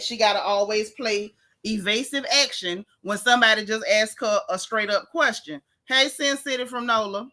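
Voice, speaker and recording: A woman holds forth on her live stream in a loose, candid way, dropping slang as she talks straight to her viewers. Her voice is bright and forward. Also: a little high. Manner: chatty and candid, with Southern slang, reading viewer comments. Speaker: live-stream host recapping a reality show. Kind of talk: casual live-stream chat.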